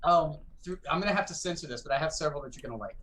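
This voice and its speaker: A man being interviewed as a guest gamer, telling stories in an animated way and acting out the other players. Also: a little high, rapid-fire, slight background noise, rough recording. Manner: animated, acts out quoted players with shouts and laughs. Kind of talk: casual interview storytelling.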